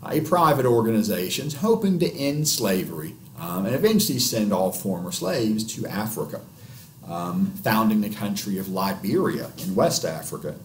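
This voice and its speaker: A male history lecturer giving an unscripted class lecture, with many filler pauses. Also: fairly low pitch, a little hiss or hum. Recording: roomy echo, mic at a distance, faint ambience.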